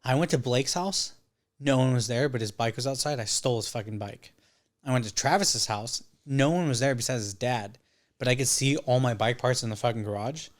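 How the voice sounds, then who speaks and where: Homme qui raconte une histoire en jurant. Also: male voice, medium pitch, a little fast. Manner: profane, rambling, acts out quotes. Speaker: podcast guest. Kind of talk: casual storytelling.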